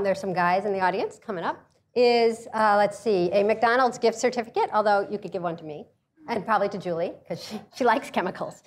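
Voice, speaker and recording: A middle-aged woman giving a humorous talk, telling stories with jokes and acting out other people's voices, pacing as she speaks. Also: on the high side. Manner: animated, jokey, acts out voices of others; paces while speaking.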